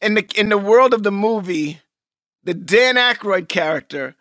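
A man chats loudly and with big energy as a podcast co-host. His voice sits high and swings widely in pitch. It sounds bright and close, with a dry, deadened room. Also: normal speed, no echo. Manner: loud and animated. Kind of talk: casual chat.

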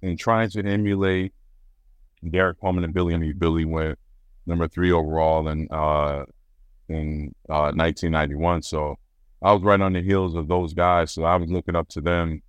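A man with a very low, smooth voice recounts his playing days in an unhurried, rambling way. He often restarts his sentences and leans on fillers. The sound is close and dry. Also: flat delivery, no echo. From Rochester, New York. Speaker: former basketball player, guest. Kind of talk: casual interview storytelling.

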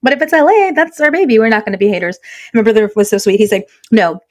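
A woman co-hosting a podcast, talking about her family in brisk, emphatic casual chat. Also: a little high, animated, a little mellow. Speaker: podcast co-host.

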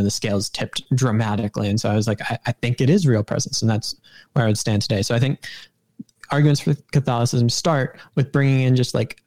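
A man's voice: medium pitch, warm tone. A man who is a podcast guest, laying out his reasoning carefully in a casual conversation. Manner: thoughtful, reasoned explanations with "kind of" hedges.

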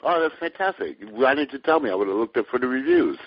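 A man's voice: medium pitch, sing-song, slightly rough, dry recording. An older man, a guest actor, chatting casually in a podcast interview with a joking, storytelling manner. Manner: joking, storytelling, drawn-out delivery. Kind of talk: casual chat. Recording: dull lo-fi podcast audio.

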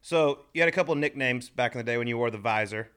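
A man's voice: medium pitch, fast, a bit bright, clean tone. Easygoing man co-hosting with ready laughs. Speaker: podcast co-host, former golf pro. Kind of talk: casual chat. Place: podcast studio.

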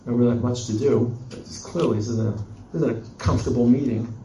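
A man teaching a text study lesson with an animated delivery, shifting between Hebrew verses and explanation. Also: medium pitch, fast talker, a little hiss or hum. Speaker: Bible teacher. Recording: roomy echo from a distance.

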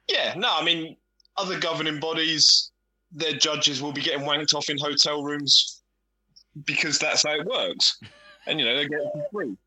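Man, podcast co-host, blunt, sweary, bright forward tone. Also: fairly high pitch, normal speed, breathy edge, poor audio. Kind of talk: casual chat.

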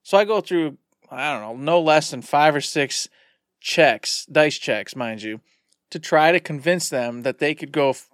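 A man co-hosting a podcast, retelling a game session in a rambling, animated way. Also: on the high side, no echo, studio quality. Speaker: podcast co-host. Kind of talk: casual storytelling.

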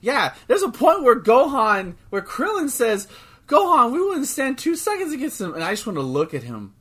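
A man co-hosting a podcast in casual chat, excitable, swearing freely and restarting his sentences often. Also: extremely high pitch, moderate pace, slightly rough. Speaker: podcast co-host.

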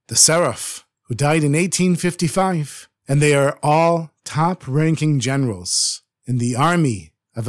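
A man voicing a calm, serene elderly male rabbi speaking reverently. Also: fairly high pitch, no room sound, clean studio sound, lightly acted.

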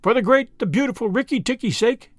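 A man voicing a tiny, excitable, boastful male tailorbird with a shrill sing-song, flattering manner. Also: fairly quick, no echo, studio quality. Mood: excited chirping.

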